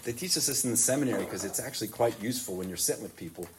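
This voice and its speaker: A man, a priest speaking to a group of boys at his school, in an easygoing, rambling way full of "like" and quick laughs. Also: on the low side, expressive, recorded from a distance, background noise. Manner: chatty, full of "like" fillers, laughs often. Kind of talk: informal talk to a youth group. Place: boys' school in the US South.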